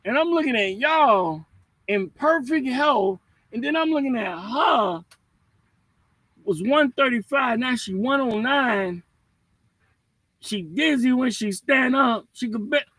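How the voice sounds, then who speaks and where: A man hosting a livestream, ranting in a blunt, profane and mocking way, with swings between loud and quiet. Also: very high-pitched, animated, takes it slowly, pauses often, dry recording, low-quality recording. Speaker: livestream host. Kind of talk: heated livestream rant.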